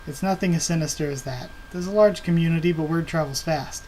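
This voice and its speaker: A cold, controlling woman who runs a community, read out by a man from a comic. The reading is flat and matter-of-fact, in a fairly high male voice. Faint background noise sits under it. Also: brisk, lightly acted, low-quality recording. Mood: commanding.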